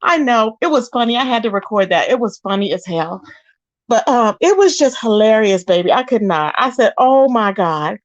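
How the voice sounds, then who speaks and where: A woman's voice: fairly high pitch, animated, fairly quick, dry recording. A woman hosting a casual livestream, chatting and greeting viewers by name with pet names. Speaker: livestream host. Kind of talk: casual reaction chat.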